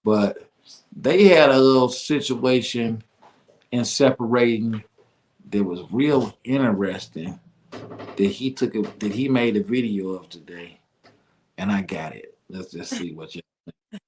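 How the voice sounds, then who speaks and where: A man's voice: lowish voice, measured pace, pauses often, a little mellow, slight background noise. A man hosting a casual radio talk show, laughing often and talking in loose slang. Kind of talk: casual chat.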